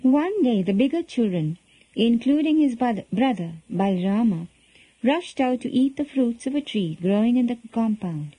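A woman reads a children's story aloud, gentle and expressive. Her voice is warm and mellow, pitched a little high, and the recording is dry and close. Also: moderate pace, breathy edge, no echo, rough recording.

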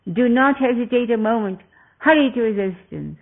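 A man's voice: extremely high pitch, expressive, fairly quick, gravelly, heavily acted. A man voicing a frantic young royal wife who pleads urgently. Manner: urgent, commanding pleas. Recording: tinny phone-like sound.

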